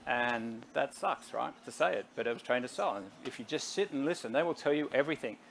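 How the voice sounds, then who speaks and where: A man's voice: medium pitch, brisk, creaky. Middle-aged man, medium voice, persuasive guest speaker who talks straight to the crowd, faint hiss behind. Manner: energetic, persuasive, talks to the audience directly. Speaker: guest CEO. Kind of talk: conversational stage interview.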